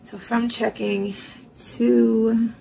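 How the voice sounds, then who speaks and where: A woman's voice: a little high, little pitch movement, drawn-out words, dark tone, slight background noise, low-quality recording. A woman vlogger narrating her budgeting and bill transfers in a chatty, self-talking way, with sarcastic asides. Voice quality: gravelly vocal fry. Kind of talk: casual narration of online banking.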